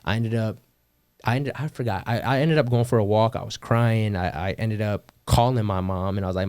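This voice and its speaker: Young man telling stories, low mellow voice. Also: fairly quick, no room sound, studio quality. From California. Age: young adult. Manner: slangy, swears, laughs often, quotes people. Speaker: podcast guest. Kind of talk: casual storytelling.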